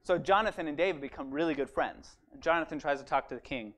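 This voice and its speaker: Guy with a highish voice telling a bible story at church, lively, acts out the lines. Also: quick pace, hardly any pauses. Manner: animated storyteller, acts out quotes, fillers like "right?". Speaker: Bible study teacher. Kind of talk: casual Bible retelling.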